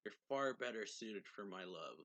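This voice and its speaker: A man's voice: fairly low pitch, moderate pace, no echo, muffled recording. A man voicing an arrogant, scornful male demon lord in a plain, lightly acted read. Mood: mocking. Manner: reads lines flatly, barely acted.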